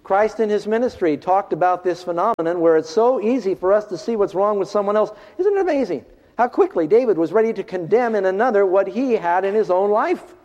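A pastor preaching to his congregation. His voice sits a bit high, rising loud for emphasis and dropping to a hush. The recording is dull and lo-fi, with a long reverb from the hall around him. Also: fairly quick. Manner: animated preaching, swings from loud to hushed. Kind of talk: sermon. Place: large hall, in front of a congregation.

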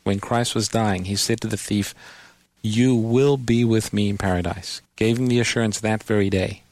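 A man's voice: lowish voice, steady tone, moderate pace, darkish tone, dry recording. A man hosting a radio Bible call-in program, patiently explaining scripture to a caller and quoting verses.

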